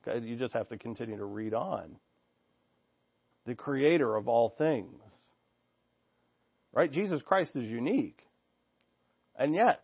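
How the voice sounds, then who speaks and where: A man delivers an expository sermon at an ordinary middle pitch, reading scripture and then explaining it with earnest asides and restarts. The recording is dry, with no room sound, and a little dull and lo-fi. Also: vocal fry, breathy edge, no room sound. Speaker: preacher.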